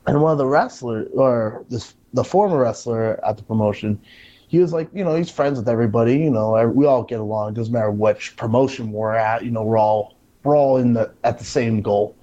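Casual male wrestler, mellow dark voice, lively anecdote teller, muffled lo-fi audio. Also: mid-range voice, a little fast. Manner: animated storyteller, acts out quotes. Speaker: pro wrestler. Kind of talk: casual conversation.

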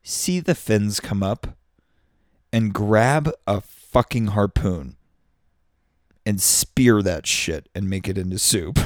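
Gravelly and darkish, this man's lowish voice carries a solo podcast monologue that is profane, self-mocking, and loose with crude metaphors. The studio mic recording is dry and clean.

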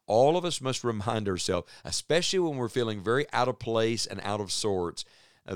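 A man preaches a Bible study sermon in a low, smooth, resonant voice. He talks earnestly and at a measured pace, drawing out the words he wants to stress. The recording is dry and close, with no room sound. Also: no room sound.

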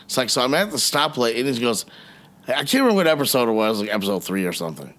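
A middle-aged man co-hosting a podcast, telling animated stories in casual chat, swearing freely and acting out what people said. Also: mid-range voice, rapid-fire. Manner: animated storyteller, swears freely, acts out quotes. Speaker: podcast co-host.

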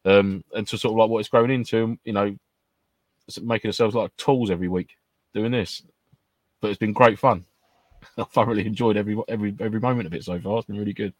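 A man's voice: fairly low pitch, fairly even intonation, fast, no echo. A man co-hosting a casual live-stream chat, jokey and laughing often, on a home mic. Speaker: podcast co-host.

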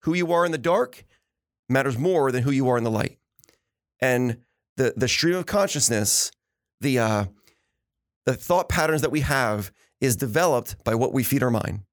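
A man's voice: medium pitch, normal speed, no echo, clean studio sound. A man hosting a motivational podcast, telling stories in an earnest, preachy way and often repeating words. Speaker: podcast host.

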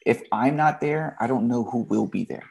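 A man's voice: medium pitch, moderate pace, vocal fry, darkish tone, a little hiss or hum. A man, a teacher and podcast guest, telling a candid personal story in a blunt, emotional way with casual slang.

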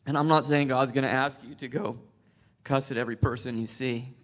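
A man sharing a personal faith testimony, emotional and tearful, halting with many restarts. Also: medium pitch, fairly even intonation, a bit bright.

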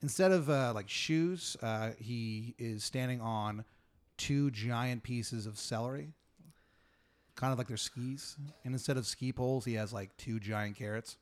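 A man's voice: medium pitch, a little slow. Rambling man spinning an absurd tale. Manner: rambling, deadpan, many fillers. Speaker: podcast co-host. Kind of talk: improvised comedy storytelling.

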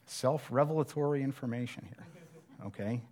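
Man, middle-aged, preaching, casual storytelling tone, self-deprecating, medium pitch. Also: moderate pace, a little mellow. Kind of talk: sermon with personal storytelling.

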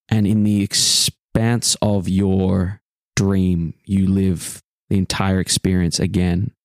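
Deep-voiced man narrating a dream. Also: darkish tone, no room sound. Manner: slow, descriptive dream narration with pauses. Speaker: game master. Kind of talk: narrating a tabletop game.

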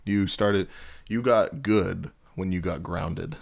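A man's voice: low-pitched, slow, vocal fry. A man co-hosting a casual live show, teasing his friend with joking banter. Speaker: co-host. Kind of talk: casual chat.

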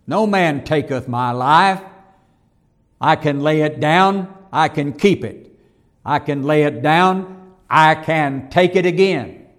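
A man preaching a sermon, slow and emphatic, rising to loud declarations and dropping to near whispers, calling his listeners "hon". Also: on the high side. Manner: slow, emphatic preaching with swells and drops in volume.

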